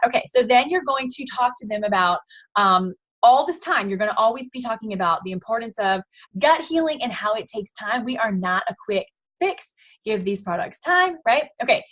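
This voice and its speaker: A young adult woman coaching her sales team in an upbeat, animated way, acting out chats with customers. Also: on the high side, rough recording. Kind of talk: training talk to a sales team.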